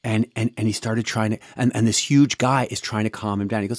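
A man's voice: on the low side, fairly even intonation, brisk, hardly any pauses, dry recording, clean studio sound. A man hosting a podcast, telling a story in a casual monologue, with many restarts and repeated words. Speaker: podcast host.

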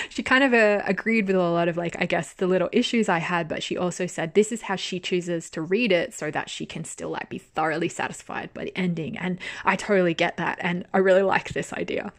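A young woman hosting a podcast, chatting casually and animatedly about a drama, laughing often and swearing now and then. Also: lowish voice. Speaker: podcast host. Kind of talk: casual drama review monologue.

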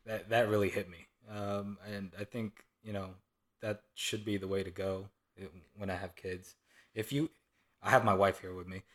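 A young adult man speaks as a guest in a relaxed interview. His voice is a touch low, and he often stops and restarts with fillers as he thinks aloud. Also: moderate pace. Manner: hesitant, many fillers. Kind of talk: casual interview chat.

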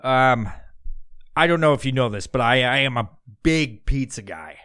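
A podcast host from Long Island with a slight New York accent, ranting and swearing constantly as he mocks people in loud put-on voices. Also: mid-range voice, expressive, moderate pace. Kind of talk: profane comedic rant.

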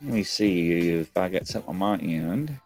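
Soft background music accompanies a man's low-pitched, darkish voice with lively intonation at a moderate pace. He's hosting a livestream talk show at a home stream set, chatting in a rambling, joking, self-mocking manner.

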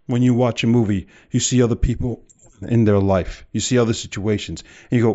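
Male podcast host, motivational talk, low warm voice, rhetorical questions, muffled lo-fi recording. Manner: rhetorical questions, drawn-out emphasis. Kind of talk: motivational monologue.

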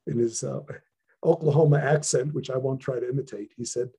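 A man speaking as an interview guest, sharing serious stories about his training in an earnest, measured way with frequent restarts. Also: mid-range voice, steady tone, warm tone, breathy edge. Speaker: guest, traditional healer. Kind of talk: interview, reflective storytelling.

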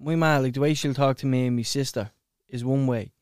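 A man's voice: medium pitch, fairly even intonation, fairly quick, darkish tone, clean tone, no room sound, studio quality. A man in a casual podcast chat, blunt, swearing and telling stories.

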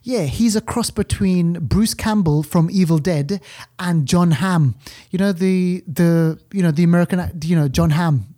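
A man hosting a podcast, reviewing films in an animated, rambling chat. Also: sits high, a little slow. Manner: animated, rambling, laughing storyteller. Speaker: podcast host, film reviewer. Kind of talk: casual chat.

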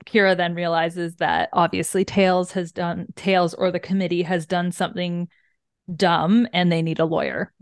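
A woman's voice: fairly low pitch, moderate pace, no room sound, studio quality. A woman chatting casually about a novel, recapping chapters and acting out characters' lines. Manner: relaxed, acts out characters' lines. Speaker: book discussion co-host.

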